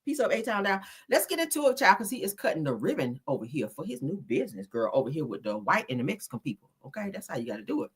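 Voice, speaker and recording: A woman's voice: low voice, sing-song, fast, hardly any pauses, breathy edge. A woman hosting casual celebrity gossip commentary, sassy and profane, laughing often. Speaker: commentary host.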